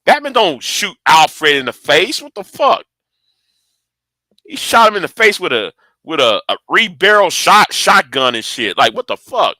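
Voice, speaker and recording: A man giving casual rambling commentary, excitable and cursing often, stumbling over and repeating his words. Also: fairly high pitch, normal speed, few pauses, no room sound. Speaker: online commentator.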